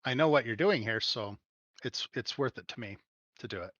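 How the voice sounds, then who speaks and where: A man voicing a calm, discreet woman who works at a bar, speaking plainly and matter-of-factly with some hesitations. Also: medium pitch, moderate pace, dry recording. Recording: dull lo-fi sound.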